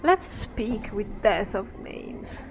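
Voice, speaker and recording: A woman giving let's-play commentary, musing aloud in a soft, thoughtful way. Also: mid-range voice, very animated, slow pace, noisy background. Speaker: game streamer.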